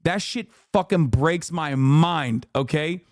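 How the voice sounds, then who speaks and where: A man's voice: on the high side, takes it slowly, dry recording, clean studio sound. A man streaming a reaction, ranting angrily and profanely with mocking impressions. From Turkey. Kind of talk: profane heated commentary.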